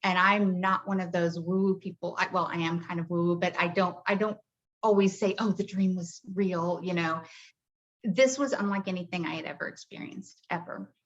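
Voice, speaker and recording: A middle-aged woman, a grief coach, talking in a soft, heartfelt way with many hesitations in a podcast interview. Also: lowish voice, fairly even intonation, moderate pace. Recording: dull lo-fi audio.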